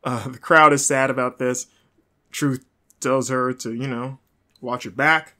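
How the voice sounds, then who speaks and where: A man's voice: mid-range voice, fairly even intonation, measured pace, sharp tone. Chatty man rambling through a recap. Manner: rambling, chatty, frequent fillers and self-corrections; dry, joking asides. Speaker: podcast host recapping wrestling. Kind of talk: casual recap monologue.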